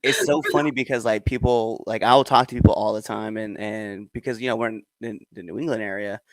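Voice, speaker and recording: A man's voice: fairly low pitch, fairly even intonation, brisk, no echo. A young adult man from the Midwest hosting a wrestling podcast, telling stories animatedly with laughs and the odd swear. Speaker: podcast host. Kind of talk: casual podcast chat.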